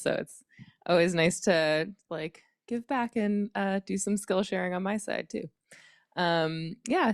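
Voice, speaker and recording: A woman's voice: fairly low pitch, dry recording, studio quality. A woman podcast producer giving a casual workshop talk, chatty and filled with likes and ums.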